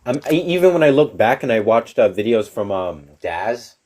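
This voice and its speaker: A man's voice: medium pitch, sing-song, moderate pace, a little mellow. A young man chatting casually on a stream, laid-back, laughing often and trailing off into mumbles. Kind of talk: casual chat.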